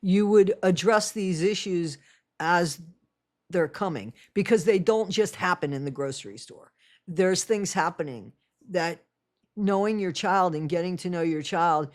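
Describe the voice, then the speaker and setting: A woman's voice: fairly low pitch, unhurried, a little mellow. A woman hosting her own channel and giving blunt, sarcastic reaction commentary. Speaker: channel host.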